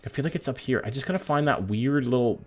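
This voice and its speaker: A young man live-streaming a map-guessing game, greeting chat and thinking aloud in a casual, slangy way that trails into low mutters while he works something out. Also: fast. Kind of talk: live-streamed gameplay commentary reading chat.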